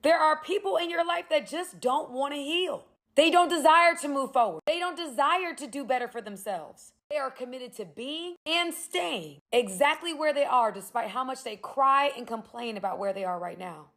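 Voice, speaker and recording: Earnest higher-voiced woman, motivational. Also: expressive, moderate pace, hardly any pauses, a bit bright. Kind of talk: motivational talk to followers.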